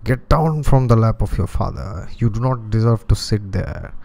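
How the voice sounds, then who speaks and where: A proud and scornful queen stepmother, put on by a man telling the story. She scolds in a raised voice. The tone stays low and mellow. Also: moderate pace, vocal fry.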